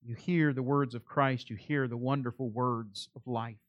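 A man's voice: medium pitch, fairly even intonation, normal speed, no room sound, highs cut off. A male pastor preaching a sermon, earnest and pleading, building to emphatic calls.

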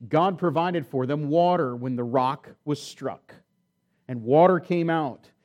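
A man's voice: on the high side, measured pace, dull audio. A man preaching a sermon, retelling a scripture story and then reading the passage aloud with rising and falling emphasis. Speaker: pastor.

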